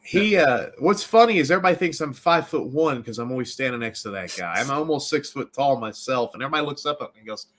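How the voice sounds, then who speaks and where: A man from Baltimore tells a story in a casual interview, rambling and animated, looping back and restarting as he goes. His voice sits at an ordinary middle pitch for a man. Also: quick pace, few pauses. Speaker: filmmaker and actor.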